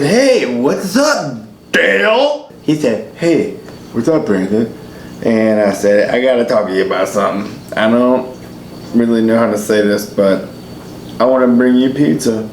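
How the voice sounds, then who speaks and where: A man's voice: medium pitch, darkish tone, reverberant, a little hiss or hum, poor audio. A young man rambling through a tipsy love story to the camera, laughing and acting out quotes. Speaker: groom telling his love story.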